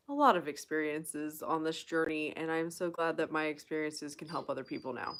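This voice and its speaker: A woman's voice: deep voice, a little fast, hardly any pauses, fairly bright tone. A young woman hosting a casual live Q&A stream, chatting and reading viewer comments aloud. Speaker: livestream host.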